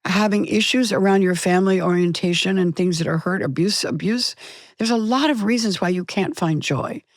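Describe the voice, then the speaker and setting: An older woman, an actress being interviewed, telling stories in an animated way and acting out the voices she quotes. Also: mid-range voice, normal speed, dry recording, studio quality. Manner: animated storytelling, acts out quotes. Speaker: guest, actress. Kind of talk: conversational interview.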